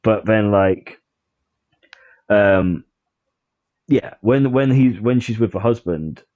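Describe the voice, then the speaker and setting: A man's voice: fairly low pitch, slow pace, a little mellow, no echo, muffled recording. A man chatting casually on a podcast, rambling with lots of fillers and restarts. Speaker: podcast guest.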